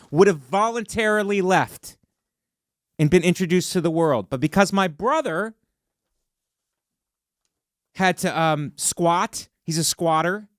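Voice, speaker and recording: A man's voice: sits high, no echo, studio quality. A man in his forties hosting a podcast alone, ranting sarcastically and building to mock outrage. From Ohio. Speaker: podcast host. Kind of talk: solo comedic rant. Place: podcast studio.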